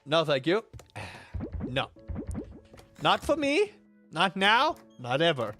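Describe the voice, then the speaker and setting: A man streaming a game, telling rambling, animated stories with sudden loud outbursts. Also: a little high, slow, soft background music. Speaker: gaming streamer. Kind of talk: casual stream chat while playing.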